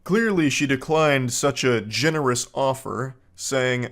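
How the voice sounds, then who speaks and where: Host, male, 30s, dry deadpan delivery, sarcastic comedic commentary, mid pitch. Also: slow pace, hardly any pauses. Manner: deadpan, sarcastic, with mocking put-on voices for quotes. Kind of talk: comedic commentary reading text messages.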